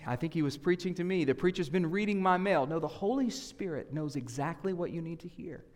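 A man with a Southern US accent preaching a sermon as a guest preacher, conversational and animated, acting out voices he quotes. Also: fairly high pitch, a little fast, few pauses. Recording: echoey hall reverb.

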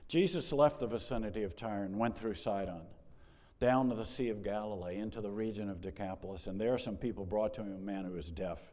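Preaching man, low mellow voice, hall reverb. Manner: conversational preaching, rising to emphatic peaks. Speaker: pastor. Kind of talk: sermon.

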